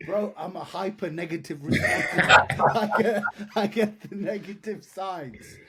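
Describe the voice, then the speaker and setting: A man's voice: high voice, unhurried, crowd noise. Laid-back, slangy man. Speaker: podcast co-host. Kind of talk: casual chat.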